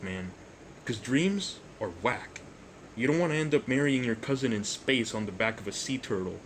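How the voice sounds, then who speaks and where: A young man hosting a storytime vlog, rambling and jokey, with deadpan asides. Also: medium pitch, a little hiss or hum. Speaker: YouTuber storyteller.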